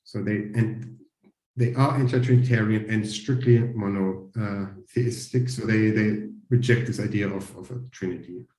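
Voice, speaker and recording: A man's voice: on the low side, steady tone, a little slow, a little mellow, roomy sound, low-quality recording. A man explaining ideas in a played clip, hesitant and full of ums. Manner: hesitant, many ums and sort-ofs. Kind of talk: explanatory discussion.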